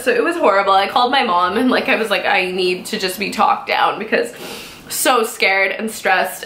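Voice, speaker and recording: A woman's voice: mid-range voice, pushed and bright. A young woman from Canada telling a casual storytime vlog, chatty and full of "like" fillers. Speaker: beauty vlogger. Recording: echoey room.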